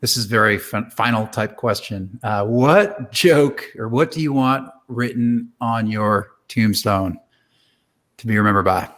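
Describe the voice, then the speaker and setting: A man's voice: lowish voice, measured pace, a bit bright. A man hosting a podcast interview, asking a guest questions. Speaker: podcast host. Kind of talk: casual interview.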